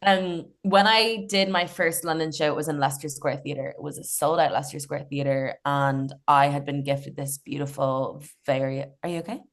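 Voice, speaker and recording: A woman's voice: low voice, fairly even intonation, normal speed, few pauses. A young woman, a comedian guest on a podcast, telling stories in a chatty way, laughing often and swearing casually. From Ireland.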